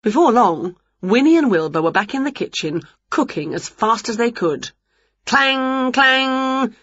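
Animated woman reading a storybook aloud. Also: mid-range voice, normal speed, husky, no echo. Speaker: storybook reader. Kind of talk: storybook read-aloud narration. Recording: dull lo-fi recording.

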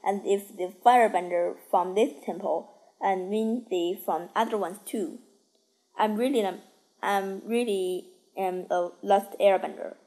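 A gentle young cartoon monk comforts a friend and speaks of family, as a woman voices him. The delivery is soft and earnest, at a middle pitch. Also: a little slow, close to an everyday voice, rough recording. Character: kind young boy monk, gentle and loyal.

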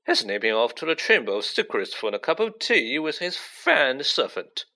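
A man reading aloud and voicing a teasing teenage prankster boy in a storybook, slow and mocking. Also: mid-range voice, big pitch swings, sharp tone.

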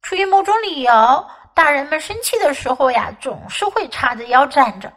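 High-voiced woman teaching English to kids. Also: animated, normal speed, fairly bright tone, rough recording. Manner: clear, patient, repeats phrases for learners. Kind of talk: bilingual storybook reading and lesson.

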